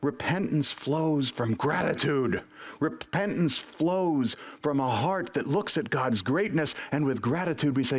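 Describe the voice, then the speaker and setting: A man's voice: on the high side, lively intonation, a little slow. A man preaching a sermon to his congregation in an earnest, emphatic way. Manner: earnest, emphatic, breaks into acted prayers and quotes. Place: church service recorded for online stream.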